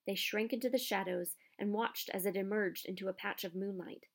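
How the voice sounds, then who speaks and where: A woman reading a children's novel aloud with expressive storytelling. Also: mid-range voice, normal speed, creaky, few pauses. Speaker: narrator. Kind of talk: audiobook narration.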